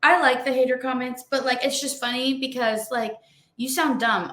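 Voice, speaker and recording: A woman's voice: sits high, fairly even intonation, normal speed, a bit bright. A young woman co-hosting a podcast in casual chat, blunt and heated, swearing often. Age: young adult. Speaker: podcast co-host. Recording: echoey room.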